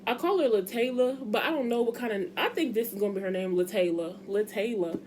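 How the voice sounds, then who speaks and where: Young woman, casual vlog chat, animated and emphatic, slight background noise. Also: fairly high pitch, fast. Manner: chatty, emphatic, addresses viewers as y'all. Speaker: vlogger.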